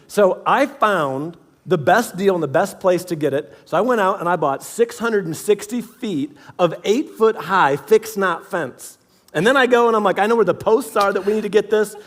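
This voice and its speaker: Man, high voice, pastor, animated sermon storytelling, self-mocking, acts out dialogue. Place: church sanctuary.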